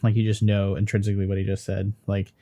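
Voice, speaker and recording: A man's voice: on the low side, completely flat delivery, fast, mellow. Male dungeon master, casual and rambling in his delivery. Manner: casual, rambling with fillers and swearing. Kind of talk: running a tabletop game.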